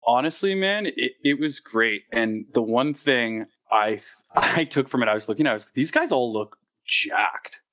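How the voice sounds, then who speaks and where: A man's voice: medium pitch, expressive, bright, forceful tone. Man rambling in casual podcast chat. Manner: rambling, halting, lots of fillers. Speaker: podcast co-host.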